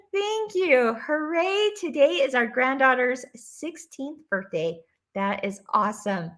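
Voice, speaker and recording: A woman's voice: high-pitched, lively intonation, takes it slowly, fairly bright tone. A woman hosting a live stream, reading viewer comments aloud in an enthusiastic, bubbly way and laughing often. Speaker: host.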